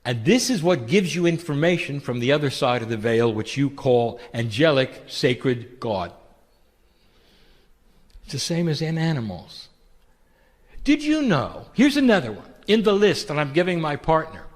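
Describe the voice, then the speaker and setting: A man giving a channeled spiritual talk in a gentle, intimate, preacherly way. He often asks the listener rhetorical questions. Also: fairly high pitch, very animated, normal speed, long reverb tail.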